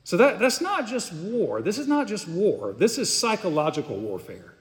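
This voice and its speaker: A man's voice: high voice, huge pitch swings, moderate pace. A pastor preaching an earnest, emphatic sermon, often repeating words as he goes. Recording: long hall reverb.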